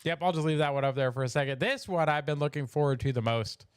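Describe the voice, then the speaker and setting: Man, livestream host, casual commentary, smooth and crisp, slightly raised pitch. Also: fast, dry recording, clean studio sound. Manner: laughing, chatty, addresses chat. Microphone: desk mic, streaming.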